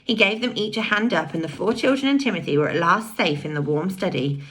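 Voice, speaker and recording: A woman reading a children's novel aloud with expressive storytelling. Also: fairly low pitch, brisk, slightly rough. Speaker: audiobook reader.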